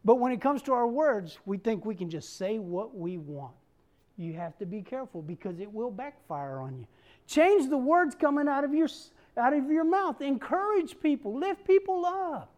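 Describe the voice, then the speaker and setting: Preacher, woman in her 50s: high voice, lively delivery that acts out the people she quotes. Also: normal speed. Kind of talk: sermon.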